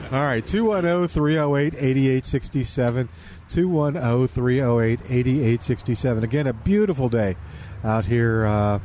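A man hosting a gardening call-in radio show, chatty and relaxed, reading ads and taking calls. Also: medium pitch, normal speed, few pauses, a little hiss or hum. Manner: relaxed, chatty, laughs easily. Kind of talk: casual radio chat and ad reads.

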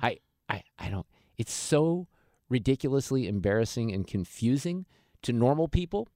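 A man's voice: medium pitch, sing-song, normal speed, warm tone, no echo, clean studio sound. A man hosting a talk radio show, giving opinionated commentary in a sarcastic, mocking way.

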